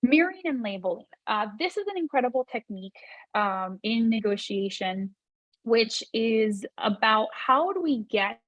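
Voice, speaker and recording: A woman's voice: a little high, animated, normal speed, fairly bright tone, no echo, rough recording. A woman teaching a business workshop in a conversational way, with frequent fillers and restarts and repeating points for emphasis. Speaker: workshop presenter.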